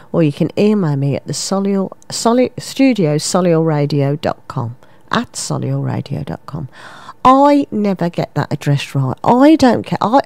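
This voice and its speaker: A woman in her fifties from England, presenting a local radio show with lively, self-mocking, rambling chat into a studio microphone. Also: low-pitched, dry recording. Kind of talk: chatty local radio banter.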